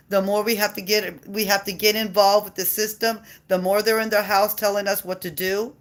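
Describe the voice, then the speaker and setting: A woman's voice: medium pitch, a bit bright. Fired-up woman ranting bluntly. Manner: passionate, blunt, swears freely, repeats herself. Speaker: mother ranting on video. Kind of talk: heated monologue rant.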